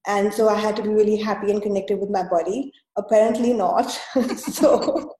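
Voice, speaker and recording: A woman's voice: mid-range voice, steady tone, normal speed, mellow, echoey room, rough recording. Woman telling her story, full of fillers. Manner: hesitant, many fillers and restarts. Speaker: guest. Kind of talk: conversational storytelling.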